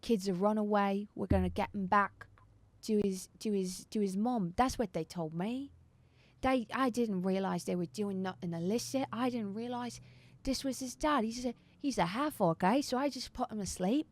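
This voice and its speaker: A woman's voice: medium pitch, moderate pace, no room sound, close to an everyday voice. Shifty male satyr, as a female game master puts him on, rambling excuses in a dry, close voice. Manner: slangy, pleading, rambling excuses. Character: nervous shifty male satyr hired hand. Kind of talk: tabletop role-play.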